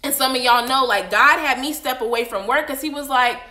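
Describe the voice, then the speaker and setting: A woman teaching a casual Bible study on a livestream, preaching in a chatty, animated way with frequent asides. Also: sits high, a little fast, few pauses, reverberant.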